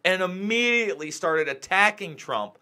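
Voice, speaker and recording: A male host delivering a heated live monologue. His voice sits high and rings bright, and it swoops up and down as he rants, hitting his points again and again with an emphatic, agitated push. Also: lively intonation, moderate pace. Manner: agitated, ranting, emphatic repetition. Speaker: news show host.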